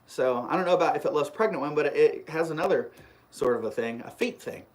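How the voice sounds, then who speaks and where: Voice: medium pitch, fast. A live stream host telling a long personal story in a casual, rambling way, full of restarts, and replying to viewer comments. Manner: rambling and animated, with frequent restarts; reads viewer comments aloud and replies.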